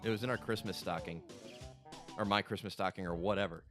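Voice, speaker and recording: Low-voiced rambling gamer man. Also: brisk. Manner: rambling, excitable storyteller who swears freely. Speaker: gaming channel co-host, playing the game. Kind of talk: casual let's-play chat. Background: game music.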